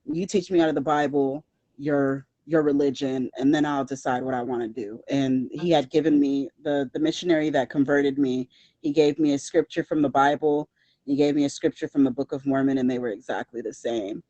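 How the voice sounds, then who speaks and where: A woman guest talking casually in an interview, rambling with lots of fillers and restarts, and turning animated when she quotes herself. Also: a bass voice, brisk, no room sound, highs cut off. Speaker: podcast guest.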